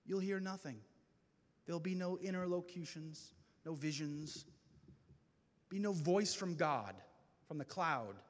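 High-pitched impassioned male preacher in a hall. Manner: impassioned, preacherly with slow dramatic pauses. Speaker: speaker at a men's gathering. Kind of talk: testimony sermon. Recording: reverberant hall.

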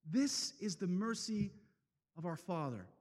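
Impassioned preacher man, lively pitch. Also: unhurried, long reverb tail. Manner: dramatic, swings from loud to hushed. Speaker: speaker at a men's event. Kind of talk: impassioned sermon.

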